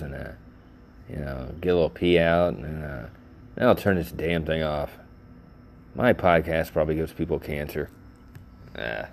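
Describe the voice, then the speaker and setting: A man's voice: low-pitched, a little hiss or hum. A middle-aged man hosting a solo podcast, rambling goofily and laughing at his own jokes, sounding tired and worn out. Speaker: podcast host.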